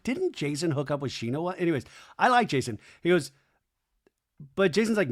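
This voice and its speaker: A man's voice: on the high side, very animated, normal speed. Chatty man hosting a TV recap. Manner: chatty, gossipy, acts out the quoted lines. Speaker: podcast host. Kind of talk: comedic TV recap podcast.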